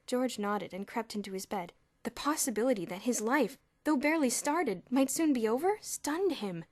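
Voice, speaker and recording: Expressive woman reading a storybook. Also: on the high side, moderate pace, no echo. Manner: expressive, lip-smacking. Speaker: audiobook reader. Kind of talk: storybook narration. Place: home room with traffic nearby.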